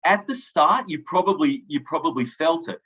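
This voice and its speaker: A man's voice: a little high, animated, moderate pace, pushed and bright, husky. A man adjudicating a debate final, giving encouraging feedback to each speaker with frequent ums and restarts. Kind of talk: spoken feedback and results announcement. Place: event hall. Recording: dull lo-fi recording.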